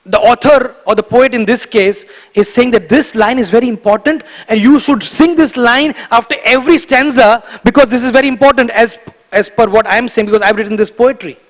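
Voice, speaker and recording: High-voiced man giving an emphatic temple lecture. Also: fairly quick, in a large hall, poor audio. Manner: emphatic, animated, repeats key words for stress, chuckles often. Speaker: guest speaker giving a temple class. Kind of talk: devotional lecture. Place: temple hall.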